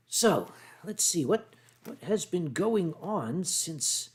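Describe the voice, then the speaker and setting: Middle-aged Philly-accented man, slightly high voice, loose rambling chat with frequent throat-clearing; streamer reading chat. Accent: Philadelphia. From United States. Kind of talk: casual livestream chat.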